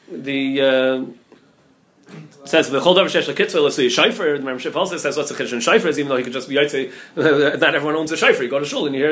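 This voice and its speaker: Fast-talking, high-voiced rabbi teaching Talmud. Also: male voice, fairly bright tone. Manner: rapid, repeats words and restarts, mixes Hebrew and Yiddish terms into English. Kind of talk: Talmud class.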